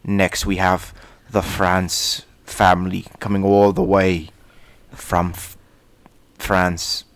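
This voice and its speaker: A man putting on the voice of an old-fashioned jousting announcer, speaking slowly and formally for comic effect. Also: low voice, level tone, smooth, dry recording. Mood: proclaiming. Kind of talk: comic impression.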